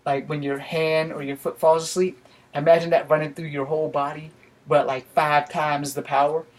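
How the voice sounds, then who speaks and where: A man's voice: on the high side, level tone, normal speed. A man vlogging, telling a rambling personal story full of swearing. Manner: profane and rambling. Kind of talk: casual storytelling.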